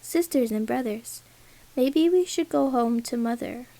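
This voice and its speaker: Woman reading as a little sun bird girl, nervous and unsure, slightly gravelly. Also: fairly high pitch, unhurried, warm tone, poor audio. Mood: uneasy. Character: small young female sun bird, worried and timid.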